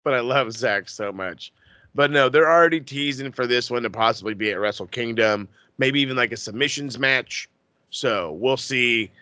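A man co-hosting a podcast in casual chat, excitable, profane and gushing. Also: medium pitch, moderate pace, no echo. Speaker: podcast co-host.

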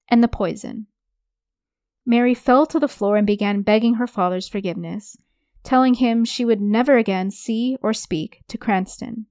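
A woman giving a measured, scripted narration of a historical crime story. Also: mid-range voice, a little mellow, no room sound, studio quality.

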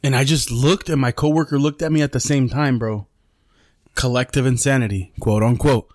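Podcast co-host, man, mid pitch, easygoing storyteller full of bro and dude, dry close sound. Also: fairly even intonation, normal speed, darkish tone, no room sound. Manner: laid-back, swears freely, says bro and dude. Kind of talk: casual storytelling chat.

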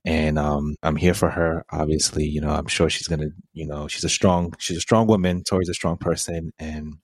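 A man's voice: a bass voice, fairly even intonation, normal speed, no echo. A man in his thirties co-hosting a podcast, telling a personal story in a rambling way full of fillers and laughs. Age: 30s. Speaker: podcast co-host.

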